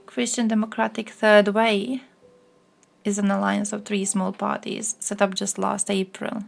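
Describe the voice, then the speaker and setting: Gravelly woman streamer, crude and laughing. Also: medium pitch, flat delivery, slow pace, soft background music. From the Balkans. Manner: crude, laughing, reacting to chat and news. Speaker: livestreamer. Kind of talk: casual live-stream chat.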